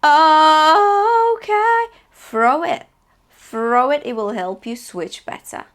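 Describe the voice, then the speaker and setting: Woman, vocal coach, singing lesson, higher voice, encouraging, sings short demonstrations. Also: animated, a little slow. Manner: encouraging, demonstrates sung phrases between explanations.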